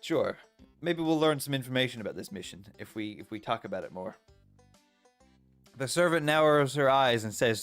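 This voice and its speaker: A man's voice: medium pitch, expressive, moderate pace, fairly bright tone, soft background music. A man streaming a text adventure game, reading its story aloud and reacting playfully, often laughing.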